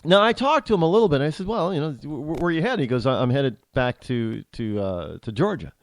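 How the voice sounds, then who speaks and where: A man's voice: on the high side, expressive, brisk, no room sound. A middle-aged man hosting a talk show, telling an opinionated story bluntly, with frequent restarts. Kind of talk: storytelling monologue.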